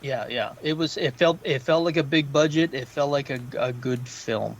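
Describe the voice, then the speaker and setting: A man co-hosting a casual pop culture podcast, talking in an animated way, swearing often and acting out quotes. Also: medium pitch, moderate pace, muffled recording. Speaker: podcast co-host.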